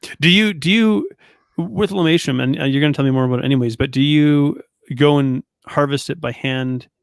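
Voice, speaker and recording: A man's voice: fairly high pitch, a little fast, gravelly, clean tone, dry recording, studio quality. A man in his thirties hosting a podcast interview, chatty and rambling with a joking streak. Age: 30s. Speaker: podcast host. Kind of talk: casual interview chat.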